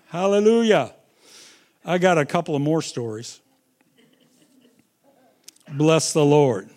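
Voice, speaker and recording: A middle-aged man preaching a sermon, telling stories with dramatic swings between loud and hushed delivery. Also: high voice, slow pace, long pauses.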